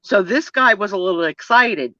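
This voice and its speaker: A woman talk show host chats over a video call and tells a story with plenty of laughter. She acts out each person in it. Her bright voice swings up and down a lot, and the sound is dry and slightly dull. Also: mid-range voice, moderate pace, no room sound. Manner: animated, laughing, acts out the people in her stories. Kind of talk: storytelling casual chat.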